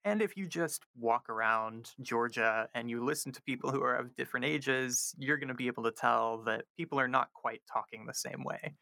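Male professor guest, bright clear voice, dry close mic, measured explaining with ums. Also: mid-range voice, no echo. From North Carolina. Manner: frequent ums, careful explaining. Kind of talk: explanatory interview answers.

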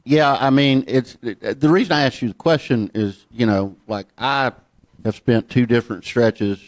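A man from Georgia with a Southern accent, interviewing a guest in a relaxed, rambling storytelling way. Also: mid-range voice, unhurried, dry recording. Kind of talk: casual interview chat.

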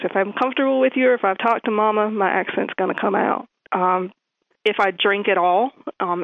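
A woman with a Southern twang speaks earnestly, pausing on fillers and speeding up on her passions. Her voice carries a gravelly fry. It comes through a tinny, phone-like line. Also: mid-range voice, dry recording. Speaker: interviewee, community college sustainability worker.

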